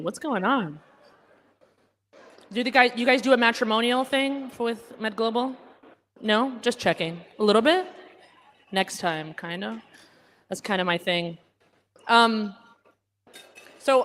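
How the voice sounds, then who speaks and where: A woman's voice: on the high side, unhurried, pauses often, a bit bright, slight background noise. Teasing woman doing stand-up. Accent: American, Connecticut-like. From Egypt, raised in Alabama. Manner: chatty, teasing the crowd, self-deprecating. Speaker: stand-up comedian at a gala. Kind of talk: stand-up comedy set. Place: banquet hall with a live audience.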